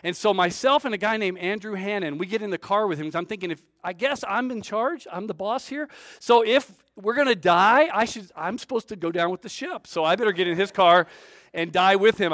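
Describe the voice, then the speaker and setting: Preacher, male, high-pitched, animated storyteller with big swings in volume, dry close sound. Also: no room sound. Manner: lively storyteller with big swings in loudness, acting out quoted voices. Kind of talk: storytelling sermon.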